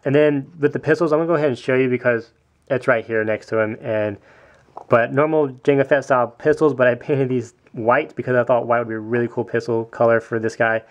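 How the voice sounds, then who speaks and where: A young man walking through his custom toy figure in a casual show-and-tell vlog, chatty, with many ums and small self-corrections. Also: mid-range voice.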